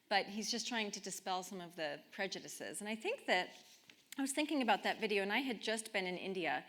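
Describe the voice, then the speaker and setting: A woman's voice: mid-range voice, fairly bright tone. A woman speaking in a chapel, telling stories in a conversational sermon with frequent restarts. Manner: chatty, storytelling, with restarts. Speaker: speaker giving the talk.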